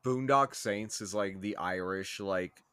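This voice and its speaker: A man's voice: lowish voice, takes it slowly, pushed and bright, clear, resonant tone, dry recording, studio quality. A young man co-hosting a comedy podcast, riffing with lots of swearing and mock tough-guy voices. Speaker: podcast co-host. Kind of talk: comedic improv banter.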